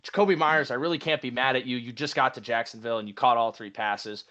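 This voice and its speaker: A man's voice: mid-range voice, fast talker, pushed and bright, muffled recording, lightly acted. Brief: man imitating a grumpy male fantasy manager, exasperated swearing rant, everyday mid voice. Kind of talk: mock impression in podcast chat.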